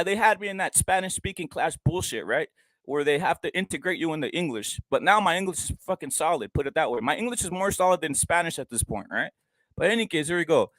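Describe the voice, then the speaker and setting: A man's voice: fairly high pitch, a bit bright, no echo, low-quality recording. Ranting man reading boxing news. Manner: profane, ranting, reads articles aloud. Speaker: boxing commentary host. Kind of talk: ranting solo commentary.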